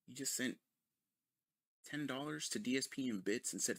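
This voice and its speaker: A man's voice: mid-range voice, expressive, normal speed, creaky, fairly bright tone, no room sound, studio quality. A man ranting in a sarcastic, mocking commentary full of profanity. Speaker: commentary video host.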